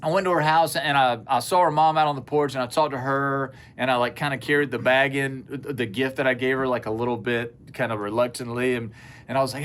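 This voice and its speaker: A middle-aged man telling a long personal story in casual podcast chat, earnest and rambling, lively when he quotes people. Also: mid-range voice, a little fast, slight background noise. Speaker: podcast co-host. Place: indoor studio space at a co-op.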